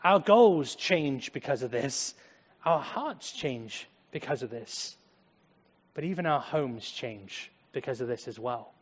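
Brief: male pastor, sermon, dramatic swings between loud and hushed, echoing church hall. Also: medium pitch, lively intonation, slow pace, husky. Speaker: preacher. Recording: echoey hall.

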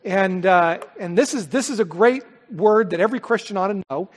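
A man's voice: sits high, normal speed, in a large hall. A man preaching as pastor to a church congregation, enthusiastic and conversational, with fillers and repeated words. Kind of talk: sermon.

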